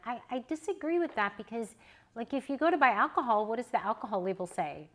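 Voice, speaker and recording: Woman, 40s, newborn educator; animated, chatty storyteller with a mid-range voice. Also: mid-range voice, moderate pace. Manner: animated, chatty, personal anecdotes. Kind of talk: casual storytelling to a live audience.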